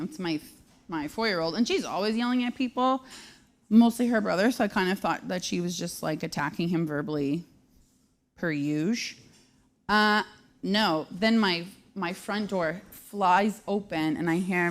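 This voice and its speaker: A woman in her thirties hosting a live show, telling brash, self-deprecating comic stories at a quick clip. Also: medium pitch, a bit bright. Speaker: host. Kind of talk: live comedic storytelling.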